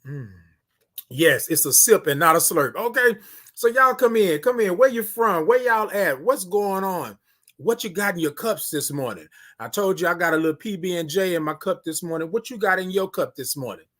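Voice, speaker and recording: A man with a high voice hosts a casual morning livestream from his phone camera. He greets viewers one by one, repeats his phrases and stretches his good mornings into long sung calls. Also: lively intonation, normal speed, fairly bright tone. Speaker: livestream host.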